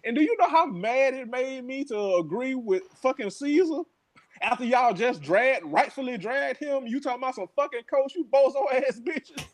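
A man with a high voice swings his pitch all over as he co-hosts a casual recap podcast. His rants are loud with profanity and broken up by laughter. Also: lively intonation, normal speed. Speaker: podcast co-host. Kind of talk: casual reality-TV recap chat.

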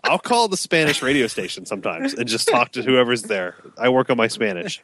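A man's voice: mid-range voice, fairly quick. A man from Dallas ranting animatedly on a casual podcast. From Dallas, Texas. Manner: animated, mocking imitations. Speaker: podcast co-host.

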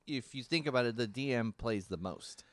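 A man's voice: medium pitch, lively intonation, normal speed, no room sound. A man co-hosting a casual podcast, blunt and casually swearing. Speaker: podcast co-host. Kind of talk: casual chat.

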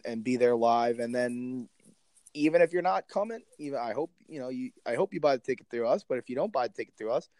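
A man's voice: mid-range voice, a little mellow, smooth, dry recording. A man co-hosting a podcast, chatting casually and telling jokey stories full of fillers. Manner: laid-back, jokey storytelling with fillers. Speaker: podcast co-host. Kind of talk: casual chat.

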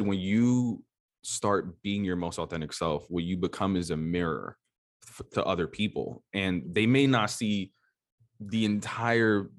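A man hosting a casual interview podcast, affirming his guest and reflecting slowly. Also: low voice, no room sound, clean studio sound. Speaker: podcast host.

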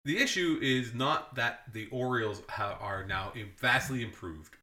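A man's voice: medium pitch, normal speed, bright, forceful tone, reverberant. A man co-hosting a podcast, chatting casually about baseball with dry humor and plenty of self-corrections. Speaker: podcast co-host. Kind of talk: casual sports chat.

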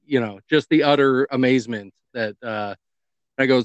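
A podcast co-host tells a story in casual conversation, animatedly acting out the people in it. His voice is medium-pitched and clean, delivered at a normal speed on a dry recording.

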